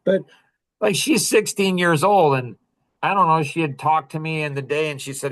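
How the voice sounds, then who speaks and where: A man's voice: on the high side, normal speed, fairly bright tone. A middle-aged man hosting a podcast, telling a personal story in an earnest, confessional way with small laughs between phrases. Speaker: podcast host. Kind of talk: casual storytelling talk.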